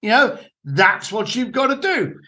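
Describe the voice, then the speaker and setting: A man, a guest on a podcast, giving blunt, animated business advice with casual swearing. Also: very high-pitched, unhurried. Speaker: guest, entrepreneur and author. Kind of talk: podcast interview, storytelling advice.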